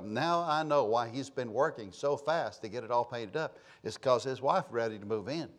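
A man, a pastor telling a folksy, animated story from the pulpit and acting out the exchanges. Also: mid-range voice. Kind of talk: sermon storytelling.

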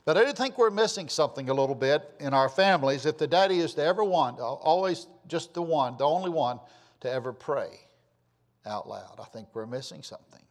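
A man preaching a sermon in an earnest, pleading way, his voice dropping softly at the ends of phrases. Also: fairly high pitch, big-room sound.

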